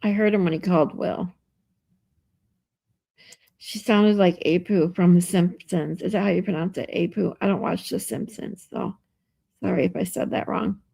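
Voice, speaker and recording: A woman's voice: fairly low pitch, steady tone, moderate pace, gravelly, long pauses, dark tone, no room sound, studio quality. A woman live streamer chatting casually with her viewers, reading out and answering their comments and laughing often, from a hotel room.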